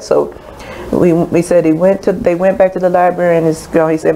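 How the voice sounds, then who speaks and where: Storyteller woman, deep and warm, folksy delivery, faint hiss behind. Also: moderate pace, rough recording. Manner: folksy storyteller, voices characters. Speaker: storyteller guest. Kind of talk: oral storytelling on a radio show. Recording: faint background noise.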